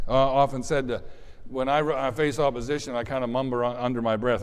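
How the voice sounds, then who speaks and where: An older man in his sixties preaches a sermon as a pastor in a church sanctuary. He talks in a conversational way at an ordinary pitch, often repeating words and chuckling. His voice carries a long reverb from the hall. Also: a little fast, smooth.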